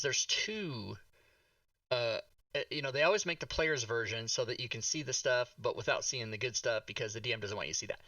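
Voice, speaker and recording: Man, talk show host, bright tone, slightly off-mic, jokey rambling chat. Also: medium pitch, dry recording, recorded from a distance. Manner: jokey, rambling, quick asides. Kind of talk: casual streamed chat.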